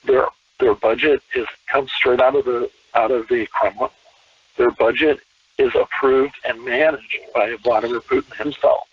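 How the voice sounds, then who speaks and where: A man, a podcast guest, talking in an animated casual way with many restarts and repeated words. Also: medium pitch, normal speed, slightly rough, no echo, recorded from a distance. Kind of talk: casual conversation. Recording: tinny phone-line call.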